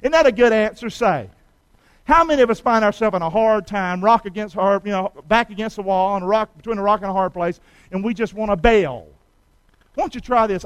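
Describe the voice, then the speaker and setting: A man's voice: high-pitched, fairly quick, clean tone, no room sound, poor audio. A middle-aged American man preaching a sermon. He tells stories in a folksy way and has the congregation repeat lines after him. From United States. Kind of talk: sermon with call and response.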